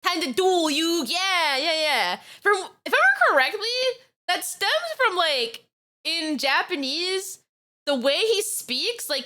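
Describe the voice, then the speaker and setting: A woman reacts to a video on stream, her voice high and bright with sharp edges. She talks in an animated, giggly way, full of filler words and sudden bursts of excitement. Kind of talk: casual reaction commentary.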